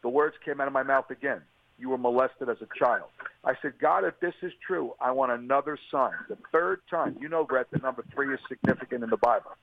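Man telling an earnest, gravelly testimony. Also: mid-range voice, fast, hardly any pauses, slight background noise. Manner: earnest, emotional storytelling. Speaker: interview guest. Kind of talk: personal testimony on radio. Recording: tinny phone line, dry.

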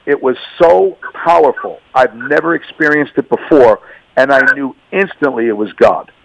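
A man's voice: medium pitch, normal speed, creaky, no room sound, muffled recording. A man giving an earnest, emphatic faith testimony as a radio guest, repeating himself and stammering through restarts.

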